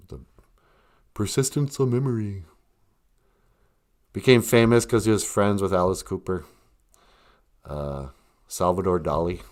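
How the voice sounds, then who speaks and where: A man's voice: low-pitched, a little mellow. A man with a Minnesota accent, hosting a live stream in a casual, joking monologue, mocking people with put-on voices.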